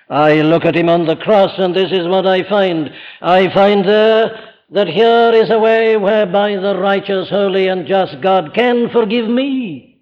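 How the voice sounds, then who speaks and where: A Welsh man preaches in a high voice, weighing each phrase slowly and emphatically before rising to impassioned peaks. The archival recording sounds muffled and dull, and his words ring out with a long reverb through a large church hall. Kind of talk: sermon.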